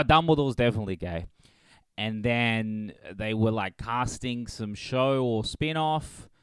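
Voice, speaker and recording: A young man hosts a solo comedy podcast and rants crudely and sarcastically, slipping into mocking voices. His voice is smooth and clear at a middling pitch. The recording is close and dry. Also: a bit bright, no room sound. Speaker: podcast host.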